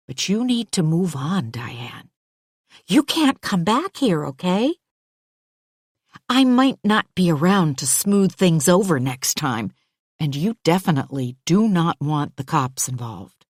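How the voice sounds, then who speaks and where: Audiobook narrator: a woman, slow and controlled, lively intonation, dry close mic. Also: low voice, husky, dry recording. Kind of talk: first-person thriller narration.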